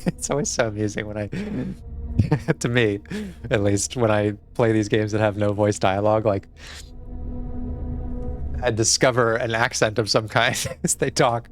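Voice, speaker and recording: A man's voice: lowish voice, a little slow, long pauses, faint music behind. A man, a therapist, giving amused let's-play commentary with laughing asides. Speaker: therapist playing a game.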